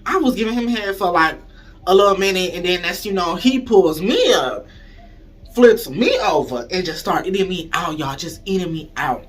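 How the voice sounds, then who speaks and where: A man telling a story to his viewers in a casual, animated way, swearing a lot and calling them y'all. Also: high voice, normal speed. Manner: animated, profane, keeps addressing the audience as y'all. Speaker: storytime vlogger.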